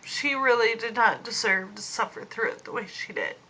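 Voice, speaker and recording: A woman in her late twenties speaking a personal video diary into a phone, grieving, slow and halting, fighting back tears. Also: on the high side, expressive, sharp tone, a little hiss or hum, poor audio. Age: 20s. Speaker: vlogger. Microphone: phone camera.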